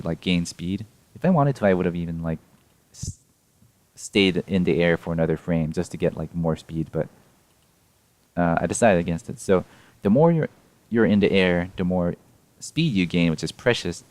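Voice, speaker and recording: A man's voice: low-pitched, darkish tone, no room sound. A young man casually explaining his game run frame by frame, rambling and correcting himself with small laughs. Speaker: speedrun player explaining a tool-assisted run.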